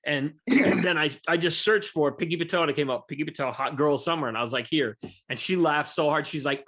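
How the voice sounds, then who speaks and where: A man's voice: fairly high pitch, fairly quick, a bit bright. A man hosting a podcast, telling a story in a joking, casual way. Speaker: podcast host. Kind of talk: casual interview chat.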